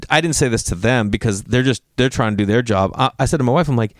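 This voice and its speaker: A man's voice: medium pitch, quick pace, few pauses, no echo, clean studio sound. A man telling a story in casual talk, swearing freely and acting out what people said. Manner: animated, profane, acts out quotes.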